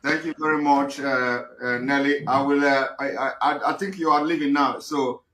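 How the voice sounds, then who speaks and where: A man moderating an online discussion, speaking haltingly with repeated words. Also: mid-range voice, fairly even intonation. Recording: echoey room with faint noise.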